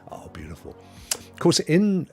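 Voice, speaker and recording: Man, British accent, fifties, live-stream host, casual chat, lively up-and-down pitch. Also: measured pace, vocal fry, slightly rough, soft background music. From United Kingdom. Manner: chatty, greets viewers warmly by name, chuckles often.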